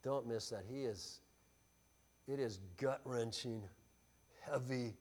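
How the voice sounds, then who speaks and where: A man preaching a sermon as pastor, emphatic, asking the congregation rhetorical questions and swinging between loud stresses and quiet asides. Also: mid-range voice, fairly even intonation, takes it slowly.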